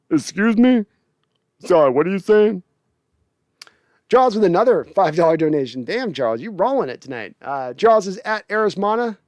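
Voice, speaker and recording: A man's voice: sits high, a little mellow, no room sound, clean studio sound. A man hosting a casual livestream, reading chat messages aloud, joking, swearing and laughing often. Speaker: podcast host reading live chat.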